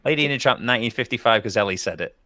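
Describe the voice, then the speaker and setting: A man's voice: medium pitch, animated, very fast, sharp tone, dry recording. A man playing a quiz, joking and confident in his guesses. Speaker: quiz contestant. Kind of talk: casual chat.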